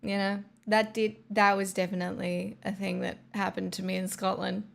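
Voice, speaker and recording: A woman's voice: medium pitch, flat delivery, normal speed, vocal fry. An Australian woman streaming live, chatting casually with her viewers in a rambling way full of "like" fillers. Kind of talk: casual chat.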